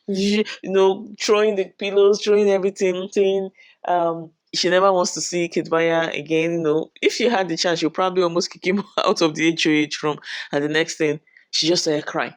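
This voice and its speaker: A reality show recap vlogger, a woman with a lowish voice and no room sound, retells the show's drama as casual gossip. Her delivery is chatty and dramatic, and she says "you know" a lot.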